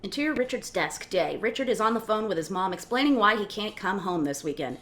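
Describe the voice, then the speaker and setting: A woman reading a screenplay's stage directions aloud in a play reading, with an expressive delivery. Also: mid-range voice, a little fast.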